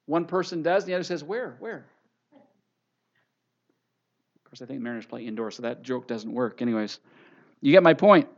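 A man's voice: mid-range voice, lively intonation, normal speed, pauses often, highs cut off. A man preaching a sermon, repeating scripture references with emphatic delivery. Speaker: pastor.

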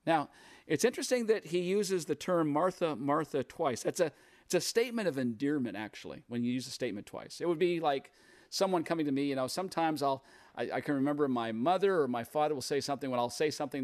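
A man's voice: on the high side, expressive, fast, dry recording, studio quality. A man preaching a sermon, walking through a Bible passage in a conversational, repetitive teaching manner.

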